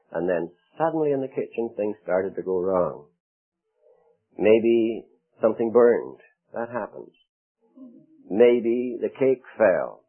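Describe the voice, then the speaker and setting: A male preacher with a low, husky voice that rises and falls with great animation. He delivers his sermon with dramatic pauses and acts out the quotes. The sound is thin and tinny, like an old radio broadcast over a phone line.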